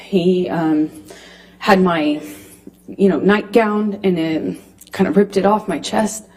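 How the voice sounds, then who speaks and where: A woman testifying as a witness in a courtroom, speaking haltingly and often restarting her sentences. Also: fairly low pitch, steady tone, darkish tone, poor audio. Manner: halting, hesitant, restarting phrases. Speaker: trial witness.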